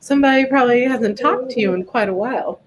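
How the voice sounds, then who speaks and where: A woman's voice: on the high side, fast, crowd noise. A woman playing a tabletop game who speaks in a laid-back, friendly way. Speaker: player. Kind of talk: casual tabletop play.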